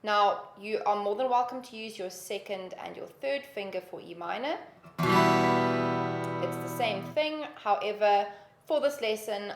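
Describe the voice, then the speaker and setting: A woman teaching a beginner guitar lesson with patient, encouraging instruction. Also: mid-range voice. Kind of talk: guitar lesson with counting and singing. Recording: roomy echo, loud guitar behind.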